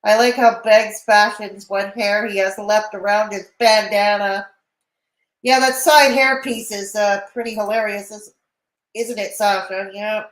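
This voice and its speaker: A woman's voice: medium pitch, steady tone, measured pace, roomy sound, low-quality recording. A woman hosting a livestream, chatting sarcastically with her co-host and viewers. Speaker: streamer host. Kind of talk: casual livestream chat.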